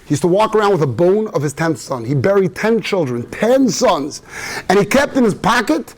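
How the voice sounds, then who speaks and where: High-pitched rabbi, telling stories at a shul class, yiddish words sprinkled in. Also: male voice, very animated, moderate pace. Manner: storytelling, mixing Yiddish and Hebrew terms. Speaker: rabbi giving a talk. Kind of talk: informal Torah talk. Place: synagogue study hall.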